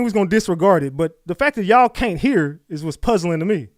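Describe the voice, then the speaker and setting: A man with a slightly raised pitch argues with his live chat, bluntly and profanely, insisting he is right. His voice is dry and close to the microphone, with no room sound. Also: expressive, quick pace, few pauses, no echo. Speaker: streamer reacting to clips. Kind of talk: casual reaction commentary.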